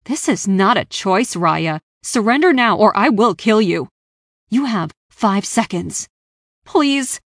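A woman reading a cold, unsympathetic young woman stranger in an audiobook, speaking in a forceful, commanding way. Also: mid-range voice, moderate pace, dry recording, clean studio sound, natural voice. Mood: threatening. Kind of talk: audiobook character voice.

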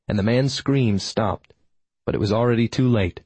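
A man's voice: lowish voice, normal speed, a little mellow, slightly rough, no room sound. A man narrating a first-person audiobook in a dry, wry storytelling manner.

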